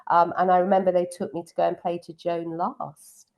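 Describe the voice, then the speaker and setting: A middle-aged woman speaks in a low, gravelly register. She recalls her past warmly and at a relaxed, conversational clip, filling pauses with soft ums. She sounds like a seasoned piano teacher being interviewed. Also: dull audio. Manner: fond, reminiscing, frequent ums. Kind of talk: casual interview chat.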